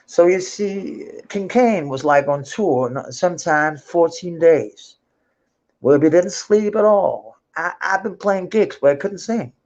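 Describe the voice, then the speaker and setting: This Danish man's voice sits high, with lively intonation, a measured pace, and a darkish tone, and the highs are cut off. Chatting in accented English on a spontaneous livestream about his music life, he rambles, curses freely, laughs a lot, and restarts often.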